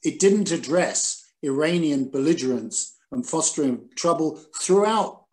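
An older man speaks over a video call in a measured, analytical way. His voice sits a little high for a man. He stops now and then on ums and restarts as he works through his points. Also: expressive, darkish tone. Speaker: interview guest, former newspaper editor.

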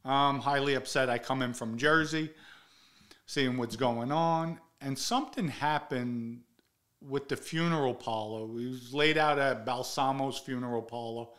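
A blunt older man tells street stories in a casual monologue. He swears freely and talks in a middle-pitched voice, getting loud and sharp whenever he acts out what someone said. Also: unhurried. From the Bronx, New York. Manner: blunt, profane, acts out quotes in a raised voice. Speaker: show host telling stories.

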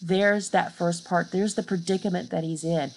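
A woman's voice: on the low side, fairly even intonation, normal speed, slight background noise, rough recording. A woman giving a recorded literature lecture over slides, explaining in a casual way and checking in with a frequent "right?". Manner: casual teaching with fillers.

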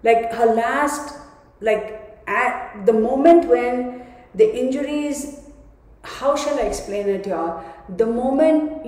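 This tarot reader has a fairly high-pitched, somewhat dark voice as she talks her viewers through a reading. She rambles, restarts often, and leans hard on her words in a loose, casual way. Long reverb from an echoey room hangs over the recording.

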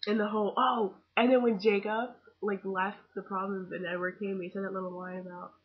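A teenage girl gushing about a movie in a casual webcam vlog, excitable and full of fangirl chatter. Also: mid-range voice, brisk, husky, lo-fi sound. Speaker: vlogger.

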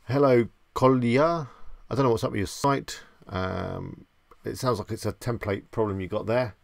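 A man's voice: on the low side, moderate pace, creaky, dry recording. A man hosting a casual live stream, chatty and self-deprecating, greeting viewers by name.

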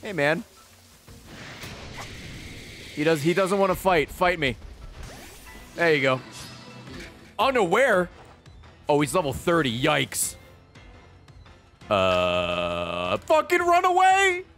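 Wildly animated, swearing gamer man. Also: on the high side, slow pace, long pauses, soft background music. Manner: profane, excitable running reactions. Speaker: video game streamer. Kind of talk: casual gameplay commentary.

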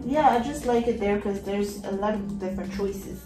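Talking casually to the camera, this art vlogger often pauses to find the right word and fills gaps with lots of fillers. She has a mid-range voice, recorded with roomy echo and music in the background.

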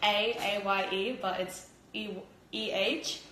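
A woman's voice: medium pitch, steady tone, slow pace, fairly bright tone, slight background noise. A young Australian woman chatting casually into her phone from her kitchen, rambling and giggly, with lots of "like". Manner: rambling, giggly, heavy use of "like". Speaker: fighter streaming live. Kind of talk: casual live-stream chat. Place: home kitchen. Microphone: phone camera. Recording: roomy kitchen echo.

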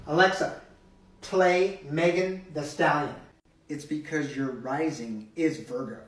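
A man's voice: a little high, takes it slowly, slight background noise. A man playing his trendy teenage daughter in an exaggerated valley-girl drawl. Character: trendy teen daughter, young woman. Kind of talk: comedic impression. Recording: echoey room, far from mic.

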